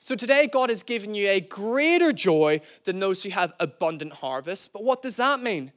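Male pastor, young adult, pitched high; jokey, self-mocking storyteller who keeps addressing the congregation. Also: sing-song, normal speed. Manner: playful, self-deprecating storyteller, calls to the church. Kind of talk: sermon with storytelling.

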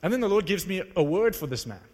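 A preacher man telling stories from the pulpit with a slightly high voice. He acts out the dialogue with animated energy, and his voice rings with the long reverb of a big hall. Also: quick pace. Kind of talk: sermon with storytelling.

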